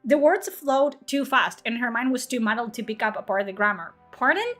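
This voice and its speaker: Woman streamer, slightly high voice, reads her own fiction and cracks sweary, self-mocking asides, faint music behind. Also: a little fast, fairly bright tone. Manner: swears freely, laughs at herself, chatty asides. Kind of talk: story reading with casual asides.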